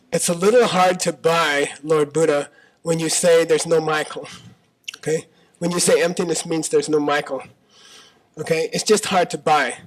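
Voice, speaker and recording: High-voiced man teaching a live talk. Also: rough recording. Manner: conversational, checks in with the audience with frequent "okay?"; argues by voicing debating partners in questions. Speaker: Buddhist teacher. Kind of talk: live dharma talk to an audience. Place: small auditorium at a live talk.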